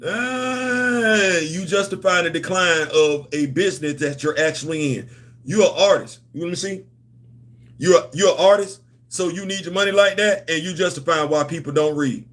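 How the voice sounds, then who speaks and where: High-voiced man in loose streamer chat. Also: normal speed, fairly bright tone. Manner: loose, repetitive, playful banter with slang. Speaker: host of a comics and culture channel. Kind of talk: casual livestream chat.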